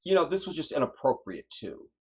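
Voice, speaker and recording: A man's voice: fairly high pitch, big pitch swings, fairly quick, husky. A man hosting a livestream, giving emphatic, preachy commentary and repeating his points for effect. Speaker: livestream host.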